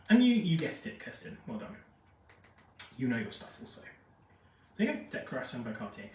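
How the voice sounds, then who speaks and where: A fragrance expert hosts a chatty, gushing live review, reading viewer comments while sick and feverish following a jab. His medium-pitched voice is a bit bright, with some hiss or hum, and the mic sits at a distance in an echoey room.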